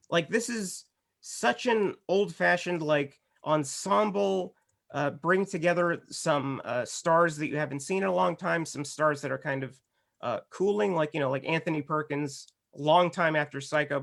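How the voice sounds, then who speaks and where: Higher-voiced man musing about movies. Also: gravelly, fairly bright tone. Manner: thoughtful and rambling, many restarts and "like" and "uh". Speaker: juror on a film debate podcast. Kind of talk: casual podcast discussion.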